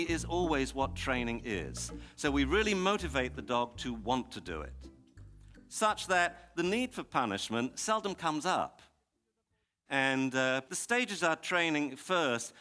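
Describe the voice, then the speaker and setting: A man's voice: a little high, sing-song, unhurried, pushed and bright, soft background music. A man giving a public talk on stage, passionate and exasperated. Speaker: speaker.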